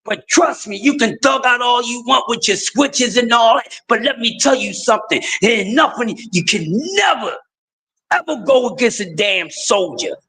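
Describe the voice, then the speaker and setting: A middle-aged man, hosting a livestream in a high-pitched voice. He preaches with fierce emphasis, swinging between shouting and hushed pleading. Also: lively intonation, normal speed. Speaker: livestream host. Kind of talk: impassioned livestream rant.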